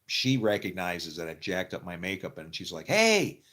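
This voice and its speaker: Low-voiced man telling a rambling story. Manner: rambling, animated, quick to laugh and quote people. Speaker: actor telling his faith story. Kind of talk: casual storytelling.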